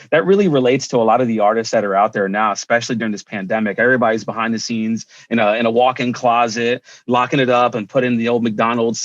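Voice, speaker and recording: A man's voice: lowish voice, no room sound, dull audio. A man hosting a casual interview, upbeat and chatty, with long rambling questions. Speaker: interview host.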